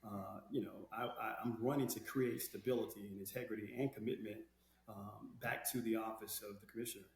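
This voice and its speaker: A man's voice: lowish voice, steady tone, a little fast, vocal fry. A man in his sixties, a political candidate answering interview questions in an earnest way, with many fillers and restarts. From Douglas County, Georgia. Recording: roomy echo with faint background noise.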